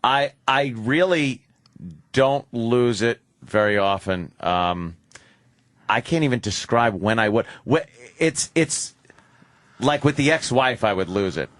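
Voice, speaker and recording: A man's voice: mid-range voice, lively intonation, slow pace, fairly bright tone, no echo. A man in a radio studio, chatting casually, blunt and profane, laughing often. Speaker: radio talk show panelist.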